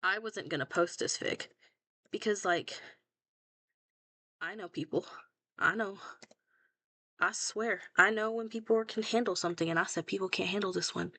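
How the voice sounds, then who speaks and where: A woman's voice: medium pitch, a little slow, long pauses, sharp tone, no room sound. A young woman with a mid-range voice rambles casually about her own writing. She is blunt and self-mocking and swears often. The recording is close and dry. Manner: blunt, swears a lot, laughs at herself. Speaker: fanfiction writer scrolling her own archive. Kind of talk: casual chatty commentary.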